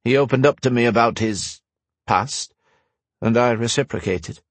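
A man's voice: medium pitch, normal speed, dry recording, close to an everyday voice. Man voicing a somber veteran knight. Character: proud battle-worn male knight, older.

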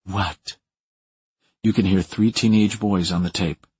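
A man narrating a first-person thriller audiobook in a dry, wry, deliberate manner. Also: fairly low pitch, fairly even intonation, darkish tone, breathy edge, no echo.

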